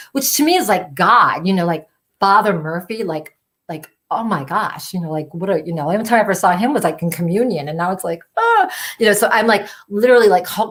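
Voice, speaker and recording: Animated woman telling a story. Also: on the low side. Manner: animated, frequent "like" and "you know" fillers. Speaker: storytelling show host. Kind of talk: personal storytelling.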